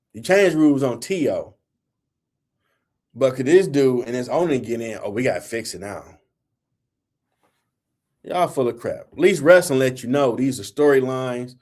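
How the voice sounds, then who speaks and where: With a medium pitch and a darkish tone, a man hosting a sports talk show delivers an opinionated rant. He is blunt, heated and colloquial as he scolds teams and players.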